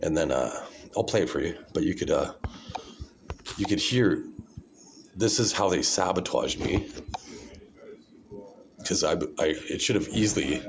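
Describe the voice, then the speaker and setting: Deep-voiced man, forties, rambling phone monologue, keeps asking "right?", light background hiss.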